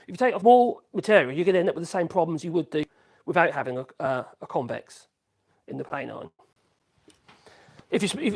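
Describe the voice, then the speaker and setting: A man with a high, darkish-toned voice chats casually during a woodworking live stream. He rambles, corrects himself, and hums between thoughts as he works.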